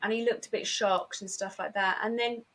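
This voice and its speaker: A woman's voice: mid-range voice, steady tone, moderate pace, fairly bright tone. A woman, a guest on an interview podcast, telling a personal story vividly, acting out remembered dialogue with many fillers and restarts.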